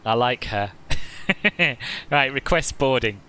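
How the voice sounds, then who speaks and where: A man's voice: mid-range voice, lively intonation, measured pace, bright, forceful tone, rough recording. A man chatting casually as he streams a flight simulator session, joking with viewers and often laughing at himself. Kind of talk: casual live-stream commentary.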